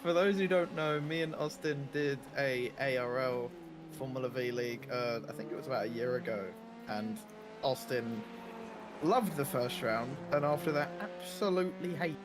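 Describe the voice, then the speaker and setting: A man's voice: mid-range voice, moderate pace, background noise. A man co-commentating a sim race in casual, playful banter, teasing his partner. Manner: playful, teasing, laughs often.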